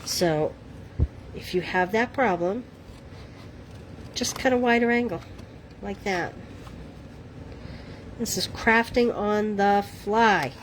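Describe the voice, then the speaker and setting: A woman's voice: medium pitch, takes it slowly, long pauses, a little hiss or hum, rough recording. A middle-aged woman with a Boston accent hosting a live crafting demo, chatting to viewers in a self-deprecating way. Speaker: craft livestream host.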